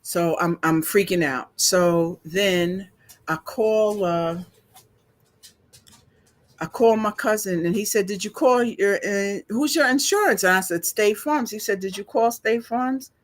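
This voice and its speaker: An older woman, telling a story to her viewers in a slow, chatty, emotional way, teary and sniffling. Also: mid-range voice. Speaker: vlogger.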